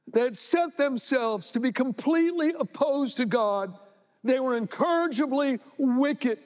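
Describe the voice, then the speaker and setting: A man's voice: very high-pitched, in a large hall. A man preaching a sermon as pastor, reading scripture and retelling it conversationally, rising to emphatic indignation at points.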